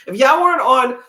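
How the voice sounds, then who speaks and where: A woman's voice: sits high, a bit bright, a little hiss or hum. A woman hosting a casual livestream, chatty and laughing often as she reads out chat comments, with a runny nose and feeling under the weather. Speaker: livestream host.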